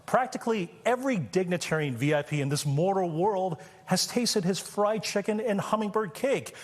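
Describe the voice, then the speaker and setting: A male food reporter talks live in a television studio with a slightly raised pitch. His delivery is chatty and playful, like on-air banter. The room gives his voice a lingering reverb. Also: expressive, normal speed, few pauses. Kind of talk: live studio news segment.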